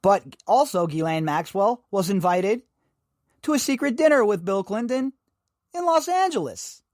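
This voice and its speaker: A man's voice: high-pitched, big pitch swings, normal speed, a little mellow, no echo, studio quality. A man hosting a podcast, giving emphatic, sarcastic commentary full of rhetorical questions. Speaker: podcast host. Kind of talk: opinionated commentary.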